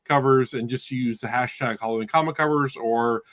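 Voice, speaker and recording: A man's voice: mid-range voice, fairly even intonation, normal speed, fairly bright tone, dry recording. A man co-hosting a casual online comic book show, reading segments with playful alliteration. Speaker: co-host. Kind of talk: casual chat about comics.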